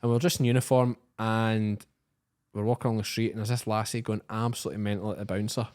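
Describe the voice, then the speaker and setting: A man's voice: on the low side, fairly even intonation, quick pace, darkish tone. A Scottish man, a podcast co-host, telling a story in casual chat and laughing as he goes.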